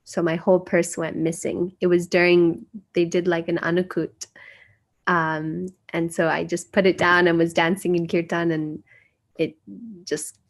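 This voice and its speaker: An American woman from the United States, earnestly telling personal stories as a guest speaker and acting out the voices she quotes. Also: on the low side. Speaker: guest speaker sharing memories. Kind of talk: personal storytelling.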